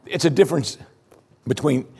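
A man preaching a sermon, animated and humorous, acting out the scenes he describes. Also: normal speed, creaky, breathy edge. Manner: animated, acts out the chanting with raised pitch and volume, dry humor. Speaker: pastor.

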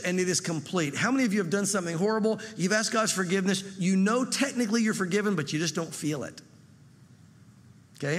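High-voiced preacher in a reverberant hall. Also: male voice, a bit bright. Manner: earnest preaching, acts out the prayers he quotes. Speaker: pastor. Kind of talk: sermon.

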